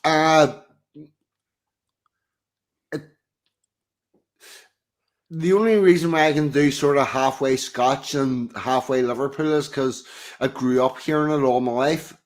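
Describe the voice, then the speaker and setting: A man's voice: mid-range voice, steady tone, slow pace, long pauses. A man with a Belfast accent chatting bluntly on a live stream, swearing freely with dry humor. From Northern Ireland. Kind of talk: casual live-stream chat.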